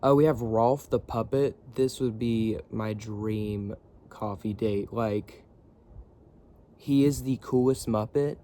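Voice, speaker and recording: A man's voice: fairly low pitch, fairly even intonation, takes it slowly, dark tone, slight background noise. A young man vlogging from his bunk, rambling in a laid-back, slangy way. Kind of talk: casual rambling chat. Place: bunk bed area indoors.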